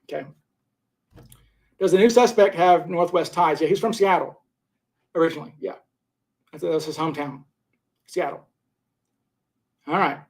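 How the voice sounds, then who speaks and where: A man's voice: fairly high pitch, normal speed, pauses often. A man hosting a live stream, casually reading viewer comments and rambling through his scoring of suspects. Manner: rambling, repeats and restarts while scoring suspects. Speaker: livestream host.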